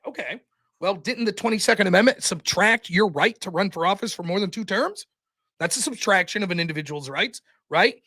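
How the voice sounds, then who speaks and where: A man holds forth as a podcast guest. His voice is high and sharply bright. He talks with animated, profane energy and acts out quoted exchanges in different tones as he goes. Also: fast talker. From outside the United States. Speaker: podcast guest taking over the show. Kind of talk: casual podcast chat about debating.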